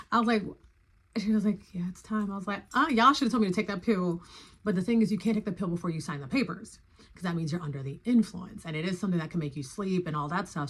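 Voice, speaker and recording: A young adult woman telling a story in a casual, chatty way, acting out her own reactions with sudden high exclamations. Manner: animated, acts out her own reactions with big jumps in pitch; chatty and loose, full of "like" and "y'all".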